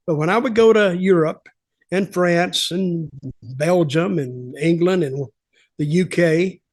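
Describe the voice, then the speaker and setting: An older man hosting a podcast, telling stories in a plainspoken way with wry asides. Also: sits high. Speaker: podcast host, former wrestling insider. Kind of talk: casual storytelling interview.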